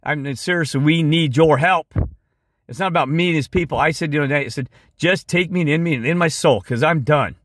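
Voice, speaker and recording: A man's voice: fairly high pitch, a little fast, a bit bright, no room sound, clean studio sound. A man talking through a rambling, impassioned video monologue, tired and going off track, then walking through a shared screen. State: weary. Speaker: video creator.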